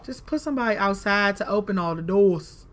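Talking quickly in a medium-pitched voice, a woman narrates a casual let's-play for her gaming channel. She chats away, mutters to herself, and breaks into frustrated exclamations.

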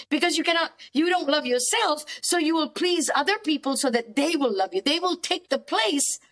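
High-voiced woman therapist, preacherly. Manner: animated, preacherly, acts out quoted voices; frequent restarts when thinking aloud. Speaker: cognitive therapist guest. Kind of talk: conversational podcast interview.

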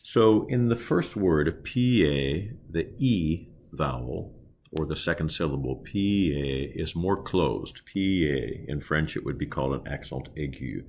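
A man leading a choir diction lesson, explaining vowel sounds carefully and singing slow demonstrations. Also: rumbling low, animated, darkish tone, a little hiss or hum. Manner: unhurried, careful teaching with slow sung demonstrations. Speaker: choir director.

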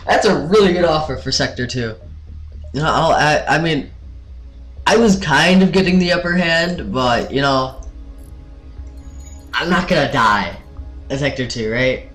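A man's voice: a little high, unhurried, long pauses. Guy doing casual game commentary, jumpy reactions, lots of uhs, faint music in the back. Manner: excitable reactions, lots of fillers, talking to his crew. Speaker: let's play host.

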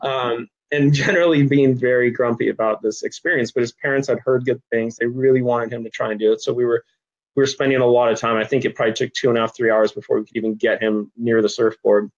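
A man's voice: mid-range voice, fairly even intonation, fast talker, dull audio. A middle-aged man, a nonprofit director, telling stories earnestly in an interview, with frequent ums. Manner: earnest storyteller, frequent ums, gets choked up. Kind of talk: interview conversation.

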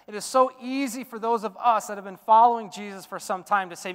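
A male pastor telling a story in a sermon, animated and chatty with lots of fillers, in a church sanctuary. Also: sits high, brisk, long reverb tail.

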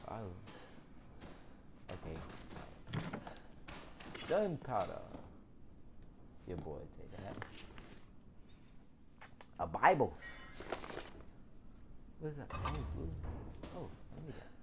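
Brief: young male streamer, slow slangy talk, big jumps into screams, noisy home recording. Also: lowish voice, very animated. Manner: slangy, loud sudden screams, swearing. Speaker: gaming streamer. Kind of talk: horror game let's play commentary.

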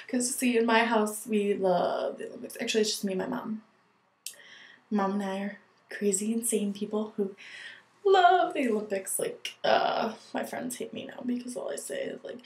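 A woman's voice: on the high side, moderate pace, a little mellow. Chatty young woman in an echoey room. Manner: gushing, chatty, full of "like". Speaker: vlogger. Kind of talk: casual chat to camera.

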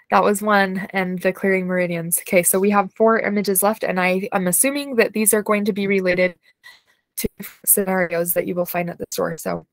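A woman leading an unscripted guided imagery session, speaking slowly and soothingly, with soft laughs and sighs. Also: mid-range voice, dry recording, poor audio. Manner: slow, soothing guidance with soft laughs and yawns.

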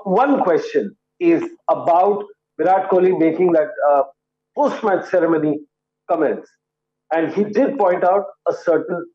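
A man's voice: a little high, dull audio. A man anchoring a live TV news panel, firing pointed, pressing questions at his guests.

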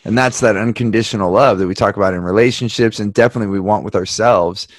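A fast-talking man with a fairly low voice hosts a podcast, animatedly storytelling and performing the voices of people he quotes in casual chat. The audio is clean studio sound from a podcast mic, free of room sound.

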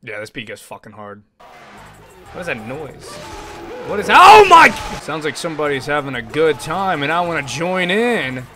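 A young man giving loud, excitable gameplay commentary with frequent yelling and swearing. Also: fairly high pitch, normal speed, music in the background. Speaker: gaming YouTuber.

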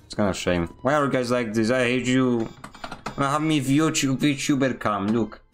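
A man's voice: medium pitch, normal speed. Playful man streaming games. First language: Polish. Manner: playful, mock-dramatic teasing. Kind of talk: casual gameplay streaming.

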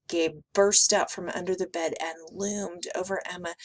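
Slow, gravelly woman reading a picture book. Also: on the low side. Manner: slow, expressive read-aloud. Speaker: teacher.

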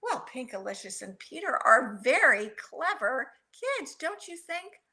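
A woman author reading a picture book aloud to children at storytime, animated and stopping often to ask them questions. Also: sits high, unhurried.

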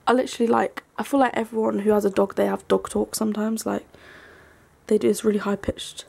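A young woman giving a casual, rambling tour of her small bedroom, full of ums and likes, sometimes hushed. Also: medium pitch, level tone, fast, gravelly, slightly rough. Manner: hushed at times so as not to wake her brother. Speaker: vlogger. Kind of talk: casual room tour vlog.

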